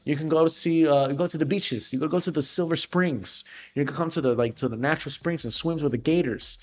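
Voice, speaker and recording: A man's voice: a little high, fairly quick. A man on his art livestream, chatting casually while drawing, rambling loosely and cursing offhandedly. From Florida, United States. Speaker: livestreaming artist. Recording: dull lo-fi livestream audio with faint music.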